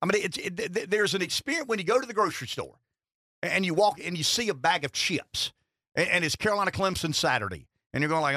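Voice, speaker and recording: A man hosting a talk radio show, talking in an animated way that often restarts and repeats words. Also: on the high side, fast talker, no echo, studio quality. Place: radio studio. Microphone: studio headset mic.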